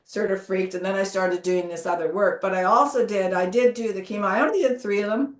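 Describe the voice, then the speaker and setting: Woman on a video call, echoey room, candid animated storyteller. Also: mid-range voice, brisk. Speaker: guest speaker. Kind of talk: casual conversation.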